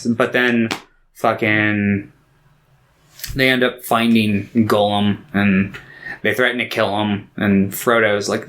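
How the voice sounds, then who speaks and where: A man's voice: lowish voice, fairly even intonation, measured pace, fairly bright tone. A man co-hosting a movie podcast, retelling scenes in loose, profane casual chat and briefly putting on character voices. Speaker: podcast co-host.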